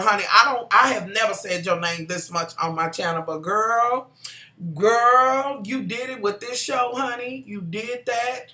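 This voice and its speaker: A sassy, foul-mouthed vlogger chats through a TV drama recap, calling the audience y'all and honey. The voice is bright and forceful, at an ordinary pitch. The room adds a noticeable echo. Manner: sassy, profane, talks to viewers as y'all and honey. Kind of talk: casual show recap.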